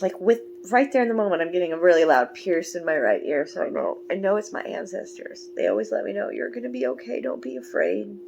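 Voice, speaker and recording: A woman's voice: lowish voice, expressive, fast, vocal fry, hardly any pauses, background noise. A woman reading tarot cards for her viewers in a casual, rambling, affectionate way, teary and emotional. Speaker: tarot card reader.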